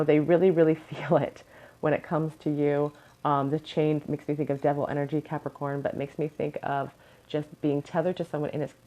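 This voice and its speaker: Low, crackly-voiced woman reading tarot. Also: warm tone. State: crackly morning voice. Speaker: tarot reader. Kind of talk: casual pick-a-card tarot reading.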